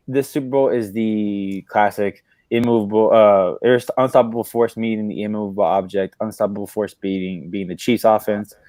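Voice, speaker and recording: A man's voice: lowish voice, darkish tone, dry recording. A man co-hosting a casual sports livestream, sharing earnest and exasperated fan opinions, with frequent "uh" fillers. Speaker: podcast co-host.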